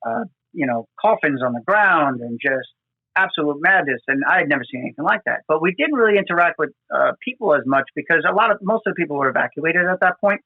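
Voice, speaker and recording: A man's voice: a little high, animated, quick pace, no echo. Earnest man with a tinny, phone-like sound. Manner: earnest, emotional storytelling with many fillers. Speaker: podcast host, FDNY firefighter. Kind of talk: conversational storytelling. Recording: dry, phone-like remote audio.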